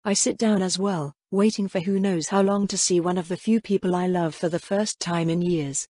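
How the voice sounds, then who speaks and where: Husky woman narrating a novel. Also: lowish voice, fairly even intonation, normal speed, dark tone, no echo. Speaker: audiobook narrator. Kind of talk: first-person scripted narration.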